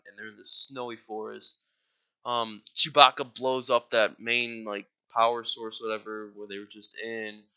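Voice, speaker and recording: A man's voice: mid-range voice, sharp tone, lo-fi sound. A man giving a casual, rambling movie plot recap, full of "like" and offhand swearing. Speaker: movie reviewer.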